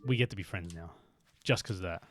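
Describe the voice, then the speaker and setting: A man streaming a motorbike game live, chatting excitedly to his viewers while he plays. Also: sits low, quick pace, slight background noise. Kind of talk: live-streamed gameplay chat.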